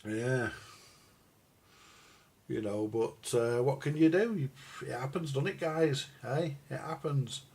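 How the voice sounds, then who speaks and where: Speaking slowly with long pauses, this older record-collecting vlogger chats on a live stream about records and radios. His mid-range voice is a little mellow and slightly rough, and his rambling talk is crude and jokey, addressed to viewers as "guys."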